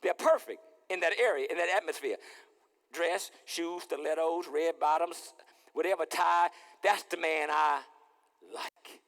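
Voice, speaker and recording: A man preaching as pastor in a lively, playful sermon, acting out little scenes and repeating his words. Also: fairly high pitch, unhurried, vocal fry, in a large hall. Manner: animated, playful, repeats words, acts out dialogue. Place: church sanctuary.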